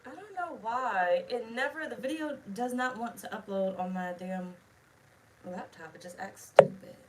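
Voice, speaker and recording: A woman's voice: fairly high pitch, animated, unhurried, a little hiss or hum. Blunt, profane woman tarot reader. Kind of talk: casual tarot video chat.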